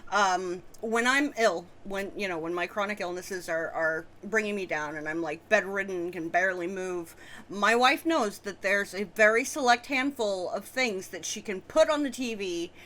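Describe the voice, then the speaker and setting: Chatty woman cohost, bright sharp voice, swears a lot, super casual. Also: mid-range voice, normal speed. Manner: chatty and candid, with frequent swearing. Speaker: co-host. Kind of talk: casual commentary.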